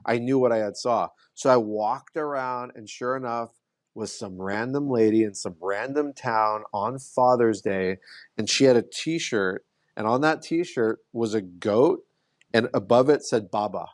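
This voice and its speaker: A man at a mid pitch, a podcast guest speaking in relaxed conversation. He tells his story earnestly and keeps restarting phrases. His voice is close and dry, with no room sound. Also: measured pace, dry recording. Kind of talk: casual conversation.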